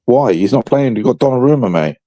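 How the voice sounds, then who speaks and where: A man's voice: medium pitch, expressive, fairly quick, mellow, no echo. A man with a Yorkshire accent, co-hosting a football podcast with joking, rambling banter. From England. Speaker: podcast co-host. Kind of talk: casual football chat.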